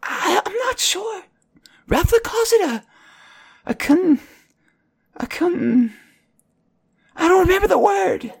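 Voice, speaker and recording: A man voicing a shy, secretive little girl in a very high, small and breathy voice, speaking hesitantly in a tabletop game. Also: big pitch swings, full character voice. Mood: timid. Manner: hesitant, halting and whispery.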